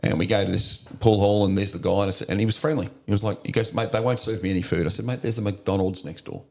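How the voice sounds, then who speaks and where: A man's voice: on the low side, fairly even intonation, fast talker, creaky, darkish tone. A middle-aged Australian man, a service veteran, telling war stories in a casual interview, blunt and sweary, often breaking into laughs. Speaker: podcast guest, army, navy and police veteran.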